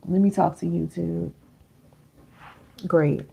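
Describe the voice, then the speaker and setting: Gravelly, husky woman live-streamer. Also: fairly low pitch, steady tone, slow, dark tone. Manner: chatty, reads viewer comments aloud, calls viewers baby and girl. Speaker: live-stream host and healing coach. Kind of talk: casual live-stream coaching talk.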